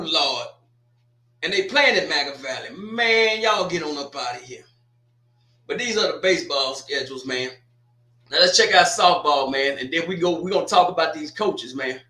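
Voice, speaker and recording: A man's voice: on the high side, animated, moderate pace, pauses often, sharp tone, echoey room. A sports livestream host, chatting loosely and jokingly straight to his viewers. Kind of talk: casual livestream commentary.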